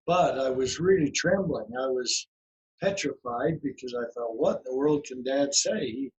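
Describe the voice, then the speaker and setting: A man's voice: mid-range voice, moderate pace, a little mellow, dull audio. Older man telling a folksy story. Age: 80s. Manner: folksy, rambling with many restarts and fillers. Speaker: podcast guest. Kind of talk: storytelling in an interview.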